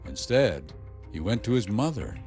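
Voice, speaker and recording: A man tells a news story in a dramatic, scripted style, and his pitch rises and falls widely. Music plays clearly beneath his voice. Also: sing-song, normal speed, darkish tone. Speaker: news narrator. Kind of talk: scripted narration. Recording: music bed underneath.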